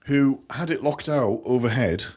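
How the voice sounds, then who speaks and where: A man's voice: mid-range voice, unhurried, a little mellow, slightly rough. A man co-hosting a casual podcast chat, laid-back and rambling, swearing freely with lots of fillers. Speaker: podcast co-host and commentator.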